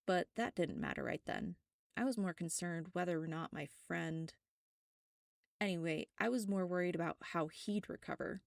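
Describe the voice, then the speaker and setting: A woman reading a first-person web serial aloud, steady and wry. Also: on the low side, moderate pace, vocal fry, dry recording, studio quality. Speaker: narrator.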